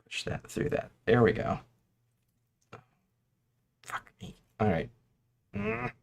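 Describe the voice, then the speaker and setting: A man chewing gum while hosting a casual livestream chat as he builds a toy kit. He talks softly, mutters to himself and giggles often. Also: mid-range voice, huge pitch swings, takes it slowly, gravelly. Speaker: host.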